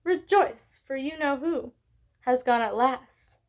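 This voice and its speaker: A woman voicing a tiny, cheerful old man in a cloak, with a squeaky voice and a jubilant, gushing manner. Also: slow.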